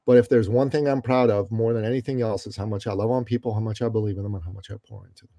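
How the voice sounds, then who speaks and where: Impassioned, emphatic man with a mellow voice. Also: lowish voice, fairly even intonation, racing, no echo. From Iran. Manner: emphatic, preachy, rises and falls in loudness. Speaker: podcast guest. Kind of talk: impassioned interview storytelling.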